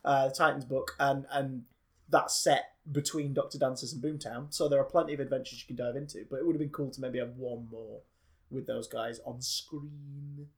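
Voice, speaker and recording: A man's voice: mid-range voice, steady tone, moderate pace. A man co-hosting a casual podcast, rambling along and swearing offhandedly. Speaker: podcast co-host.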